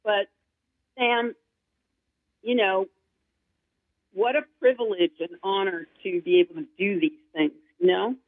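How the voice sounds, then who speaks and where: A woman singer-songwriter chats as an interview guest, rambling from one thought to the next with eager excitement. Her voice comes through a thin, phone-like line. The sound is dry and close, with no room around it. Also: mid-range voice, unhurried, long pauses, no room sound. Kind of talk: casual interview chat.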